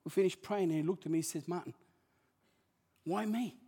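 A male pastor preaching a sermon, swinging between hushed asides and loud emphatic calls. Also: a little high, fairly even intonation, racing, big-room sound.

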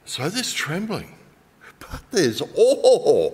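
Aussie guy preaching, lively up-and-down voice, fairly high, big echoey hall. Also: moderate pace. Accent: Australian. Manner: animated, shifts between loud emphasis and quiet. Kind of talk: sermon with storytelling.

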